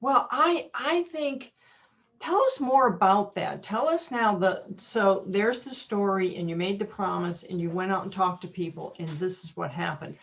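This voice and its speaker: A woman hosts a casual online interview over a video call, her medium-pitched, gravelly voice moving at a moderate pace. She encourages her guest with frequent affirmations and reflective remarks. The recording sounds muffled.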